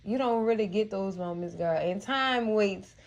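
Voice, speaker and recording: A woman's voice: mid-range voice, moderate pace. A woman hosting a casual TV recap, chatty and heartfelt, calling her viewers cousins and girl. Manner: heartfelt, moved to tears at times. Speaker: TV recap channel host. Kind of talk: casual TV episode recap and review.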